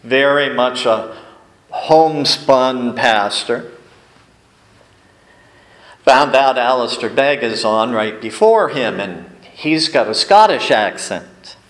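A male pastor preaching from the pulpit, spinning folksy anecdotes with unhurried, deliberate pauses. His voice rings through a roomy church sanctuary, and it sits at an ordinary middle pitch for a man. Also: expressive, fairly bright tone. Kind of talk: sermon.

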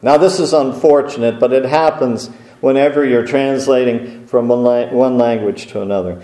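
A man's voice: mid-range voice, normal speed, dark tone. A man preaching a sermon in a conversational way, with rhetorical questions and wry asides. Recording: roomy echo.

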